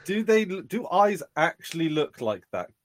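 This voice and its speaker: A man's voice: on the high side, very animated, dry recording. Male co-host, casual chatty delivery, dry close mic. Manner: chatty, quick asides and questions. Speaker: podcast co-host. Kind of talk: casual chat.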